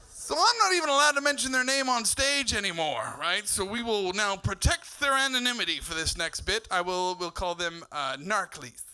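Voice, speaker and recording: A man's voice: high voice, lively intonation, normal speed, hardly any pauses, bright, forceful tone, clear, resonant tone. A man from Canada doing a live stand-up set in a comedy club, swearing freely and telling stories with exasperation. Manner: profane, exasperated storytelling.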